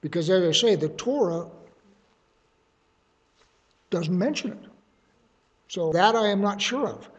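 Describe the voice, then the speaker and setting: A man's voice: high-pitched, animated, unhurried, long pauses, dull audio. A man leading a Bible study in a conversational way, thinking aloud and adding asides. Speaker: Bible teacher.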